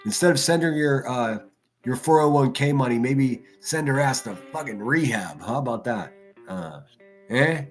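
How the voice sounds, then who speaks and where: A man's voice: medium pitch, lively intonation. Guy ranting on his stream, swears a lot, mocks people, some music faint behind. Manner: crude, mocking, ranting, quick shifts in loudness. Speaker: livestream host. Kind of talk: profane livestream rant.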